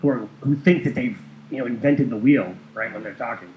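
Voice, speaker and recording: A man at a medium pitch tells a long story in loose, rambling chat, full of fillers and soft chuckles. His voice sits in a roomy space with echo, and the sound is dull and lo-fi. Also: a little fast, slight background noise. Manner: rambling, many fillers, chuckles while telling. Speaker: guest.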